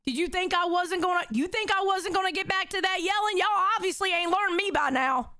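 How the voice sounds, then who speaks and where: A woman hosting a livestream, talking loudly and profanely as she reads out chat messages. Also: extremely high pitch, fairly quick, dry recording, clean studio sound. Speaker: livestream host.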